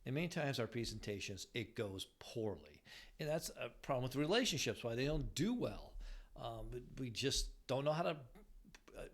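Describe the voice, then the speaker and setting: An older man, married for decades, giving casual relationship advice, rambling with frequent restarts. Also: on the high side.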